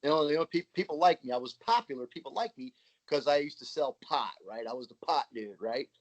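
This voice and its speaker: A man with a medium-pitched, animated voice talks fairly quickly, telling stories as a guest in a casual podcast interview. He's frank, chatty and swears freely, often acting out quoted voices. The audio is dry and slightly muffled, with no echo.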